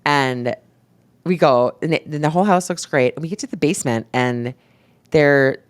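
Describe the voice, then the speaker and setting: A woman, a podcast co-host telling stories in casual chat, acting out quotes and using lots of "like". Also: moderate pace. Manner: animated storyteller, acts out quotes with a jumping pitch; many "like" fillers. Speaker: podcast co-host and real estate agent.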